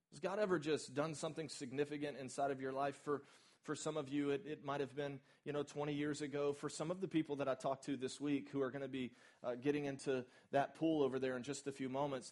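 Man, pastor, slightly high voice, conversational sermon, emphatic, asks the congregation questions. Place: church service.

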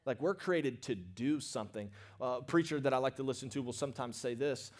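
A man preaching a sermon as pastor, animated, calling the congregation for amens and swinging between hushed asides and loud, excited bursts. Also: medium pitch, brisk.

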